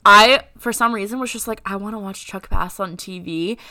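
A young woman with a clear, bright tone talks in an easy, relaxed way on a podcast. She laughs often and moves the chat from one topic to the next, and her pitch sits in an ordinary middle range. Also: normal speed. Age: young adult. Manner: relaxed and chatty, laughs often, steers the conversation. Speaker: podcast co-host. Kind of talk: casual chat.

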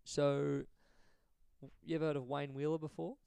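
Gravelly Australian guy, smooth and dry. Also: fairly high pitch, moderate pace. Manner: swears freely, laughs often, animated storytelling. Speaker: podcast co-host. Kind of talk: casual chat.

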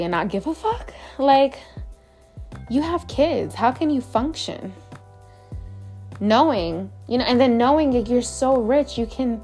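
A woman's voice: on the high side, darkish tone. Candid, profane woman telling a story. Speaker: podcast host. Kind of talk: casual storytelling monologue.

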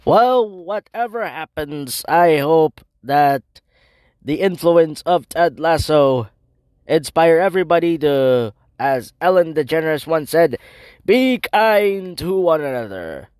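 A man hosting a radio show, delivering a scripted link into an ad break at a slow, measured pace. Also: on the high side, expressive, darkish tone, clean tone, no room sound.

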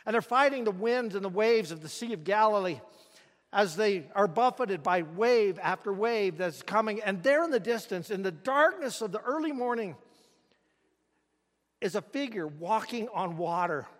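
Male preacher with a high voice, dramatic storyteller who asks the room rhetorical questions, heard with long hall reverb. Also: expressive, normal speed. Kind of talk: sermon.

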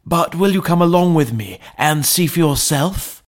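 A man voicing a frightened, anxious butler who speaks in a strained, pleading, hoarse way. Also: a little high, expressive, moderate pace, voice pushed up, natural voice. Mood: fearful. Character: frightened male butler, middle-aged, anxious and dogged.

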